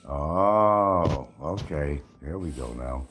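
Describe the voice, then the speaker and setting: A man's voice: extremely low pitch, lively intonation, extremely slow, a bit bright, a little hiss or hum. An older man hosting a casual livestream, rambling and sarcastic with frequent chuckles. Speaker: livestream host.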